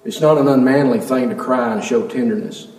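A man's voice: mid-range voice, brisk, a little mellow. A man preaching a sermon in a church, earnestly putting rhetorical questions to the congregation. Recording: echoey hall, mic at a distance.

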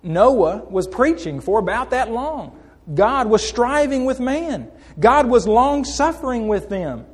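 A man's voice: extremely high pitch, big-room sound. A man preaching a sermon, asking the congregation questions, answering them himself and repeating phrases for emphasis. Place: church.

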